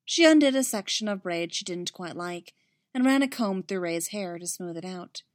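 Soft-spoken woman reading a story. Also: lowish voice, animated, normal speed, no room sound, studio quality. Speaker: narrator. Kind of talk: audiobook reading.

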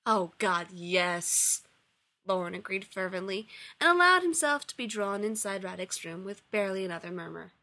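Brief: woman story reader, bright tone, mid pitch, steady narration. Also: fairly quick, hardly any pauses. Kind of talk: reading fan fiction aloud.

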